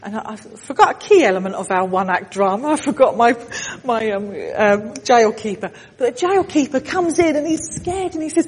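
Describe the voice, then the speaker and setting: High-voiced woman leading a church story. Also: moderate pace, husky, in a large hall. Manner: animated, directing the congregation. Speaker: children's talk leader. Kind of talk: storytelling with audience participation. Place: church hall.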